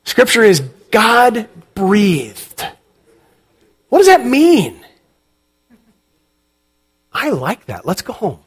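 Slow, high-voiced male pastor preaching. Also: huge pitch swings, breathy edge. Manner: unhurried, conversational preaching with audience questions. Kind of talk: sermon.

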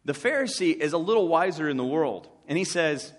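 A man's voice: fairly high pitch, animated, fairly quick, hardly any pauses. A man preaching a sermon, conversational and wry, slipping into short acted asides.

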